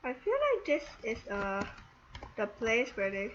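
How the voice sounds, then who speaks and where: A woman commenting while she plays a video game, muttering to herself and breaking into panicky, excitable outbursts. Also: on the high side, measured pace. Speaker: gaming video creator. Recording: dull lo-fi recording with faint noise.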